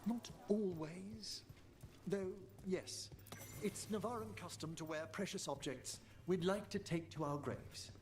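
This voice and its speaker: A man's voice: high-pitched, takes it slowly, slight background noise. An actor playing a prim, cultured male companion in a fantasy video game, speaking in a refined, formal way. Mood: explaining.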